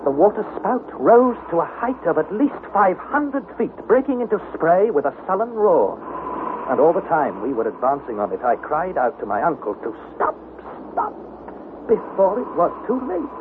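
An actor playing an earnest young nephew who narrates a perilous voyage in a 1960s radio drama. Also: male voice, sits high, big pitch swings, normal speed. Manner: earnest, anxious, pleading. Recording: tinny, hissy old radio broadcast.

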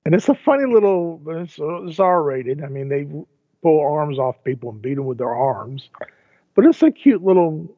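A man's voice: fairly high pitch, lively intonation, moderate pace, no echo. An older man co-hosting a casual podcast, talking in rambling sentences with frequent restarts and repeated words. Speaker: podcast co-host. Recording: tinny phone-like line, dry.

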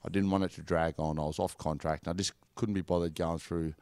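An Australian man in his thirties telling stories from his football career in a relaxed, rambling podcast chat. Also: low voice, fast, dry recording. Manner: laid-back storytelling, lots of "like" and "mate". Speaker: former professional footballer guest.

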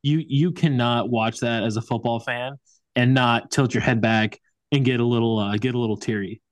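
A man co-hosting a sports podcast in casual chat, retelling scenes and stories with quick asides. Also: medium pitch, fairly even intonation, no room sound. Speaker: podcast co-host.

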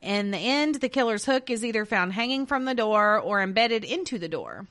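A woman co-hosting a casual podcast reads urban legends aloud to her co-host, then jokes and laughs with them. Her voice is a little high, animated, and fairly bright, at a moderate pace.

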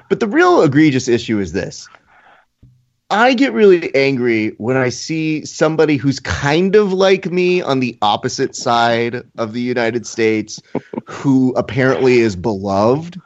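A man's voice: medium pitch, lo-fi sound. A man co-hosting a casual talk show, ranting in mock outrage and telling stories with theatrical flair. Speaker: podcast co-host. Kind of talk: casual banter, playful ranting.

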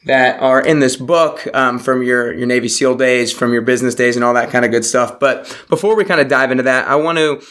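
A man's voice: mid-range voice, brisk, few pauses, fairly bright tone. A young adult man hosting a podcast, upbeat and enthusiastic in a casual interview. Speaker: podcast host.

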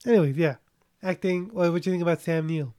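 A man's voice: a little high, fast, warm tone, clean tone, no echo, studio quality. A young man chatting casually about a movie as a podcast co-host, rambling and joking, often trailing off mid-sentence. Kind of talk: casual movie review chat.

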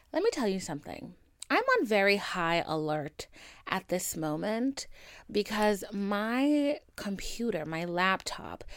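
A young woman hosting her own podcast, venting and telling stories in a candid, profane, animated way. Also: medium pitch, no echo, clean studio sound. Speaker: podcast host. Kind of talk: casual solo podcast venting.

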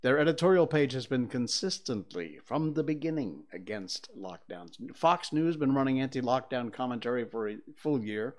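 An older man from Connecticut talks at a middling pitch from his studio. He rambles in a loose, opinionated monologue, stopping and restarting with plenty of ums and uhs. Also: animated, moderate pace, hardly any pauses. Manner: conversational, digressive, with many fillers. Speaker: talk show host.

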